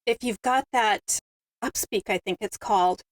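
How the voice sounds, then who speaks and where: A woman's voice: mid-range voice, moderate pace, no room sound. A woman hosting a panel discussion, speaking in a reflective, storytelling way. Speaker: host.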